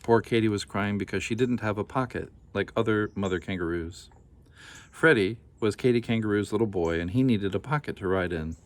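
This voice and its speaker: A man reading a children's picture book aloud in a gentle, unhurried way, with casual asides. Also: on the low side.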